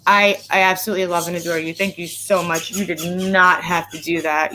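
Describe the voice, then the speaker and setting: A woman's voice: fairly low pitch, level tone, a little fast, bright, forceful tone, a little hiss or hum. A woman on a casual live stream, rambling and swearing with sarcasm, sometimes choked up as she reads viewers' comments. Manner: emotional, tearing up while reading viewers' comments. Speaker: vlogger.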